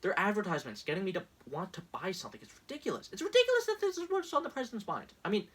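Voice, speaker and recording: A man's voice: high voice, very animated, rapid-fire, a bit bright, slightly rough. A young man ranting sarcastically in casual commentary, exasperated and laughing often.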